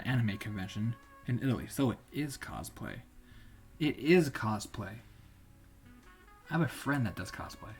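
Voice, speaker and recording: A man streaming live, reading stories aloud in a casual, rambling way and often stopping to correct himself. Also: medium pitch.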